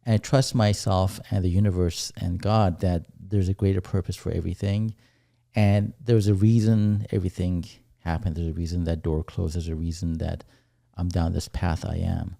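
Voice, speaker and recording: A man co-hosting a podcast, talking things over in a reflective, unhurried way. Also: deep voice, level tone, creaky, mellow, dry recording, clean studio sound. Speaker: podcast co-host. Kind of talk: casual chat.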